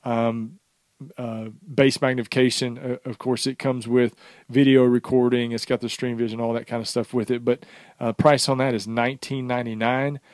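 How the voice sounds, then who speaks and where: A man co-hosts a gear review show in a casual, talkative way, teasing his partner and running through product specs. His middle-pitched voice sits close to the microphone with a dry, dead sound and no room around it. The delivery is loose and conversational. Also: flat delivery, normal speed, a little mellow, no room sound. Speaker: show co-host and executive producer. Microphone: close desk microphone.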